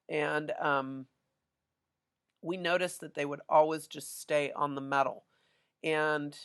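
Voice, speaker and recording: A middle-aged woman teacher, chatting through a classroom lesson with stories and many fillers. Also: low voice. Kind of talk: casual classroom lesson with anecdotes.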